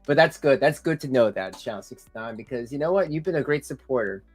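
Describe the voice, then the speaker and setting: A man's voice: medium pitch, lively intonation, quick pace, husky, no room sound, faint music behind. Rambling male streamer reacting live, dry close-mic sound, mid-range voice. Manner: rambling, full of "you know" and "like", chatty asides to chat. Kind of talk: casual live-stream commentary.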